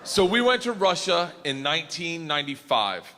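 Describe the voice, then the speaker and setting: A man doing stand-up comedy, telling a story loudly with laughs and shouted punchlines on a theater stage. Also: fairly high pitch, big pitch swings, normal speed, in a large hall, a little hiss or hum.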